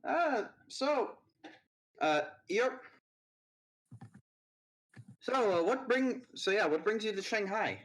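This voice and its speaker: Man voicing a young woman, friendly, breezy, sprinkles Spanish words, pitched well above his own voice, tabletop role-play. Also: animated, slow, pauses often, fairly bright tone, full character voice. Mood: friendly, curious.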